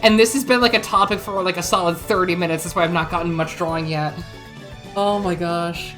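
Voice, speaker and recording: A woman streaming while she draws, chatting casually, giggly and excitable and laughing often. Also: on the low side, brisk, over music. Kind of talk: casual chat.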